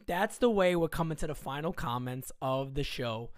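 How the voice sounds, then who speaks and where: A man's voice: on the high side, lively intonation, normal speed. A man co-hosting a sports podcast, joking around in casual, slangy talk. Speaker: podcast co-host.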